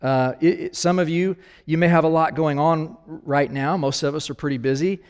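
A man's voice: on the high side, steady tone, normal speed, smooth, in a large hall. A man giving a conversational sermon as a pastor, talking straight to his listeners and asking them questions. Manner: casual, talks directly to listeners with questions.

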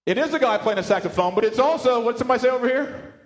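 High-voiced man preaching in an echoey hall. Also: very fast. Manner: animated, repeats and restarts words, asks the congregation questions. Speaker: pastor. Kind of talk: sermon. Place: church sanctuary with speakers.

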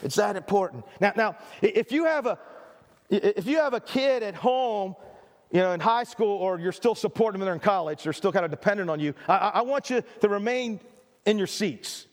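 A middle-aged man preaching with earnest emphasis, his voice sitting fairly high for a man. He often stumbles into restarts and repeats key phrases. The sound rings with the long reverb of a church hall. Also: lively intonation, fairly quick. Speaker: pastor. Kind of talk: sermon.

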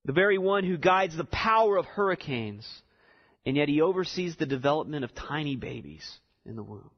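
A man's voice: on the high side, expressive, a little fast. A man preaching a sermon, explaining a text and building to emphatic repeated lines. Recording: dull sound with long reverb in a hall.

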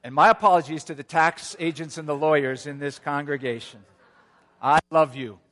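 A man's voice: fairly high pitch, steady tone, moderate pace. Preaching man in a reverberant church. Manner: earnest storytelling, gentle humor. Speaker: pastor. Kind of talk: sermon.

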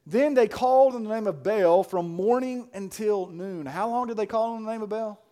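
A male pastor preaching a sermon, casual and colloquial, swinging from hushed talk to shouting. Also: high-pitched, moderate pace. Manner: colloquial, says "man" and "y'all".

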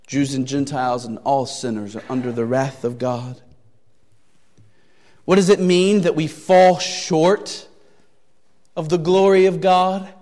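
A man preaching a sermon as pastor, deliberate and emphatic, repeating key phrases and asking searching rhetorical questions. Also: fairly high pitch, steady tone, darkish tone, long reverb tail.

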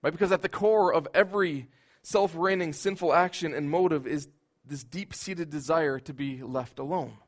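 A man preaching a sermon in an earnest voice, building at times into loud, emphatic outbursts. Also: fairly high pitch, moderate pace, hardly any pauses.

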